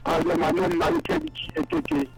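A man's voice: very high-pitched, sing-song, fairly quick, gravelly, soft background music, poor audio. A man with a Nigerian accent calling in to a radio show, speaking firmly and repeating his points. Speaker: caller. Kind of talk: phone call to radio show.

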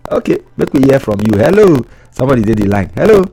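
A man with a Nigerian accent hosting a call-in radio show, talking in a lively, teasing way and drawing out key words. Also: mid-range voice, fast talker, creaky, slight background noise, rough recording.

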